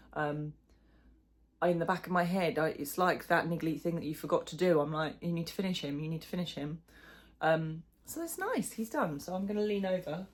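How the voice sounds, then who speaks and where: A middle-aged woman chatting casually in a crochet vlog, rambling and self-deprecating, with plenty of fillers. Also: fairly low pitch. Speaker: crochet vlogger. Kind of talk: casual chat.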